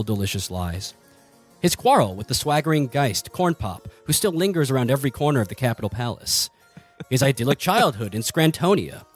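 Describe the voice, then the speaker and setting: A man narrating as game master in a mock-grand style. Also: mid-range voice.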